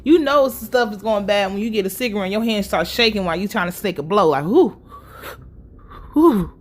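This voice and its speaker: A woman giving a casual, sassy and profane recap of a TV episode with lively asides. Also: mid-range voice, quick pace. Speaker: show recap host.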